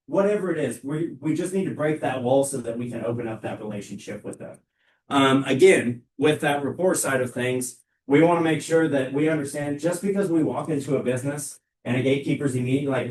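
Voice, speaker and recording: A young man giving a live sales training talk to a room of colleagues, with a loud, energetic, emphatic delivery. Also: medium pitch, fairly quick. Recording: echoey room, mic far off.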